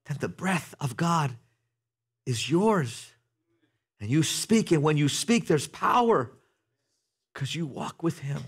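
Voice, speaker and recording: A man preaching a sermon to a congregation in a church, talking conversationally, asking the room questions and building to loud, animated passages. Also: fairly high pitch, husky. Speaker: pastor. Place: church sanctuary before a congregation.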